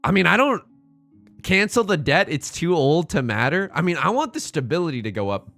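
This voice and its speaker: Give me an excitable young male streamer with a high, bright voice. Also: a little fast, vocal fry, dry recording, faint music behind. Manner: excitable, joking, reads game text aloud to chat. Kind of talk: live-streamed game commentary.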